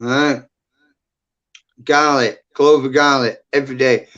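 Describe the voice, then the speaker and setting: A man's voice: mid-range voice, steady tone, measured pace, a bit bright. A middle-aged man, rambling bluntly and swearing a lot as a guest in casual livestream chat. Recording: dull lo-fi stream audio.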